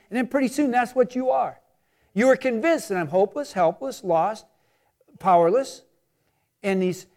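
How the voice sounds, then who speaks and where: A middle-aged man preaching a sermon in an unusually high voice. He talks straight to his congregation, asking rhetorical questions and repeating key phrases to build them up. His tone stays casual, like a pastor chatting from the pulpit. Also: darkish tone.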